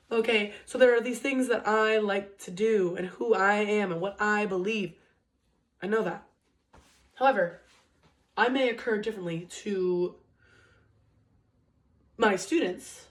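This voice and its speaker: Chatty woman in her twenties with "okay?" check-ins. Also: medium pitch. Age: 20s. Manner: conversational, checks in with frequent "okay?" and "right?"; restarts sentences and uses many fillers, pace swings between quick and slow. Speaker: educator and motivational speaker. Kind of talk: casual motivational talk.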